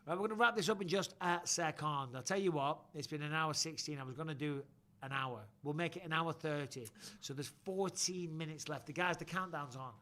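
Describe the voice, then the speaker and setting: A man's voice: on the high side, brisk, pushed and bright. A man hosting a casual live-stream chat and reading viewer questions, talking bluntly and swearing freely. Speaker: host.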